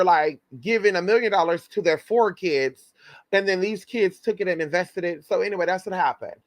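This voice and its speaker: A man telling a story in a sassy, profane, dramatic way, jumping into high quoted voices. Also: no echo. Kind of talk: casual storytime monologue.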